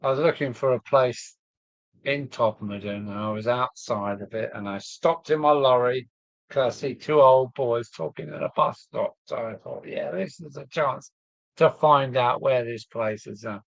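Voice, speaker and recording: A man's voice: medium pitch, moderate pace, gravelly, no room sound. An older man with a southern English accent, chatting casually and rambling on a model railway live stream, chuckling as he reads viewer comments aloud from his loft. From southern England. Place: home loft.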